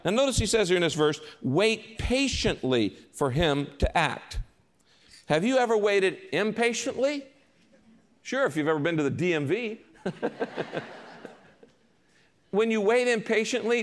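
An older man preaching a sermon as a pastor, telling stories and acting out quoted voices along the way. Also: high voice. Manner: animated storytelling with quoted voices.

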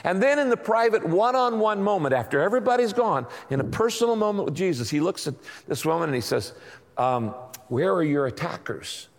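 A man preaching a sermon as pastor, telling stories in a lively way and acting out quotes. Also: high-pitched, fairly quick, big-room sound. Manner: animated storytelling with acted-out quotes.

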